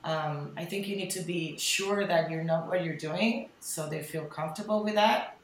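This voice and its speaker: Roomy-sounding woman, candid and low. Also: normal speed, slight background noise. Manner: candid, swears, many restarts and ums. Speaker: wedding photographer guest. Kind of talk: casual podcast chat.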